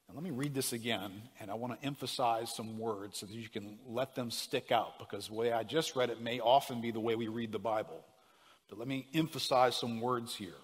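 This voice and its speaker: A man's voice: medium pitch, a little fast, husky, long reverb tail. A man preaching a sermon, leaning hard on single words and putting questions to the congregation. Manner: emphatic, stresses single words, asks the room questions. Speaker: pastor.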